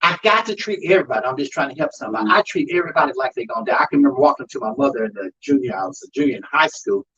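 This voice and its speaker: A man's voice: medium pitch, expressive, racing, few pauses, bright, forceful tone, husky, muffled recording. A man who works as an undertaker and hosts a show, talking emphatically about grief in a preaching style and calling out to the audience. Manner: emphatic, calls out to the audience with "y'all".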